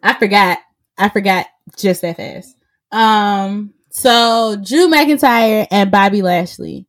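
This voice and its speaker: A woman co-hosting a casual chat, talking in a laid-back, drawn-out way and laughing often. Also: medium pitch, no echo. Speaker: podcast co-host reviewing wrestling.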